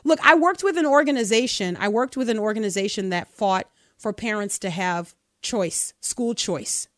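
A woman co-hosting a talk radio show, telling a story in an animated, emphatic way. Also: medium pitch, normal speed, no echo, studio quality. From United States. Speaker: radio co-host.

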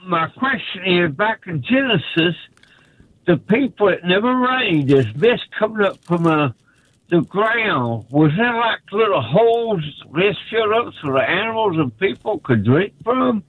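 A man's voice: high voice, animated, unhurried, no room sound. Southern man on a tinny phone line. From Texas. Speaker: caller. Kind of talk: phone-in question.

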